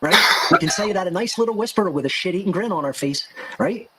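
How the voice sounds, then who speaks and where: A man's voice: high-pitched, animated, fast talker, a bit bright, slight background noise, rough recording. A man delivering an angry, scornful monologue rant as a show host, heaping insults and repeating himself for emphasis. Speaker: occult lecturer and show host.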